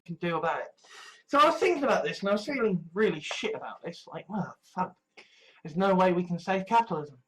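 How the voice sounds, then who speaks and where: A man's voice: high voice, animated, quick pace, a bit bright. A man vlogging, rambling bluntly about politics and swearing freely. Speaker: video blogger. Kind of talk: profane ranting commentary.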